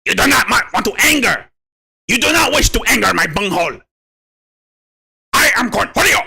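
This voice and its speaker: A man voicing a frantic cartoon teenage alter ego who rants and makes demands in a shrill voice. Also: expressive, moderate pace, gravelly, slightly rough, full character voice. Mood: ranting. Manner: shouted, wild high-pitched ranting.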